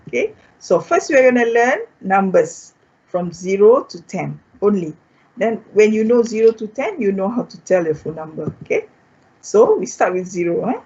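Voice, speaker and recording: A Malaysian woman teaching a beginners' French class online, patiently repeating each word in slow, clear steps. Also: medium pitch. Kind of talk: online language lesson. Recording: dull lo-fi online class audio.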